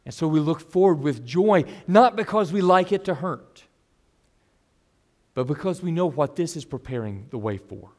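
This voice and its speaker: A pastor preaching verse by verse to his congregation. His voice sits a little high for a man. He talks earnestly, pushing hard on key phrases and then dropping low and quiet for the asides. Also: animated, moderate pace. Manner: earnest preaching, swings between loud emphasis and hushed asides. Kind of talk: expository sermon.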